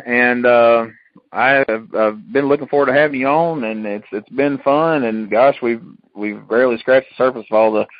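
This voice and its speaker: A man's voice: mid-range voice, dry recording, dull audio. A man hosting a casual radio talk show, folksy and emphatic, stretching his fillers.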